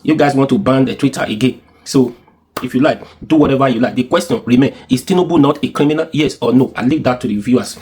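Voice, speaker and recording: A man's voice: mid-range voice, fast talker, darkish tone, breathy edge. A man with a Nigerian accent giving heated, insistent commentary full of rhetorical questions and repetition. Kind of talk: opinionated political commentary.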